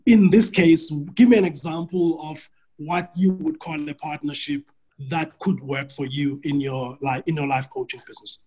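A husky, slightly higher-voiced man coaches a client on a call. He talks in an animated, story-driven way and often restarts his sentences. His tone stays friendly and persuasive. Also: normal speed, rough recording. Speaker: business coach. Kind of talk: coaching call answering a question.

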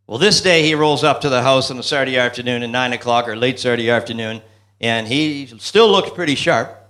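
A man's voice: mid-range voice, fairly quick, pushed and bright. A man giving a motivational business seminar talk, telling jokes and asking the audience questions. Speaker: business speaker.

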